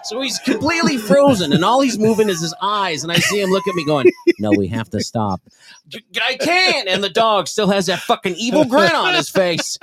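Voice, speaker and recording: Profane, lively storytelling man. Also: high-pitched, fairly quick, few pauses, a loud crowd. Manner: profane, rambling, laughing while telling the story. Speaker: podcast co-host. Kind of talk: casual comedic storytelling.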